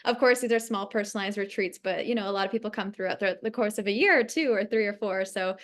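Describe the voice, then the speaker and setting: A woman's voice: mid-range voice, quick pace. A woman representing a retreat, interviewing a guest in casual chat and speaking in an effusive, praising way.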